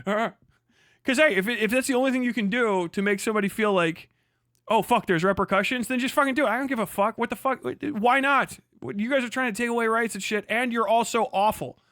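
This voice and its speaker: A man's voice: very high voice, quick pace, a bit bright, dry recording, studio quality. A man hosting a live stream, ranting bluntly and heatedly with a lot of swearing. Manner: heavily profane, heated and blunt.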